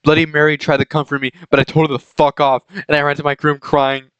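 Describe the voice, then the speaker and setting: A man's voice: fairly high pitch, little pitch movement, fast, fairly bright tone, clear, resonant tone, dry recording, lo-fi sound. A young man doing a comedic reading of a fanfic aloud, often laughing and breaking off to comment on the text. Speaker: reader of a fanfic.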